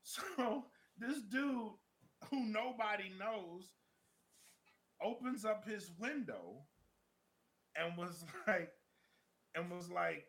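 High, bright-voiced man telling a story. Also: extremely slow, creaky, pauses often. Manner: animated storyteller, laughs often, acts out shouted quotes. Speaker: podcast co-host. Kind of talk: casual storytelling chat.

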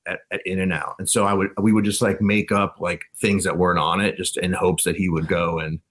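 A man's voice: sits low, steady tone, fairly quick, a bit bright. A man guesting on a podcast, telling rambling anecdotes and laughing often in casual chat. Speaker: guest, band frontman.

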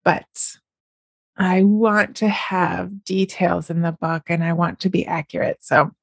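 A woman's voice: on the low side, fairly even intonation, a little slow, creaky, husky, no echo, studio quality. A middle-aged woman, chatting on her podcast in a casual, upbeat way and often smiling as she talks. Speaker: podcast host and novelist. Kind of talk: casual solo podcast chat.

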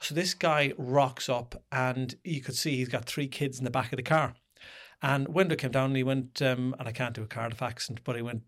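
A man co-hosting a podcast, a lively storyteller who acts out the people in his anecdotes. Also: mid-range voice, a little fast. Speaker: podcast co-host. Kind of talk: casual podcast chat, telling an anecdote.

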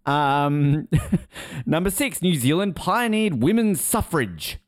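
A man's voice: a little high, expressive, takes it slowly, dry recording, studio quality. A man hosting a casual podcast chat, joking and teasing as he reads out fun facts. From Australia. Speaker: podcast host.

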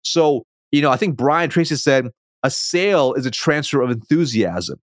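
A man being interviewed as a sales coach, a self-described fast talker who stumbles and restarts his words, speaking over a video call. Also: medium pitch, lively intonation, no echo, clean studio sound. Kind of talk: conversational interview.

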